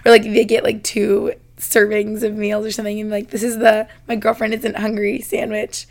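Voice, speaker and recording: A woman's voice: mid-range voice, completely flat delivery, moderate pace. A young woman hosting a casual podcast, reading listener confessions and chatting about them, saying "like" constantly. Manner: chatty, says "like" constantly, laughs while reading. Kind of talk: casual chat.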